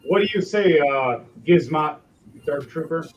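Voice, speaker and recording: A man's voice: a little high, lively intonation, unhurried, distant mic, dull audio, faint music behind. A man running a tabletop game as game master, narrating theatrically.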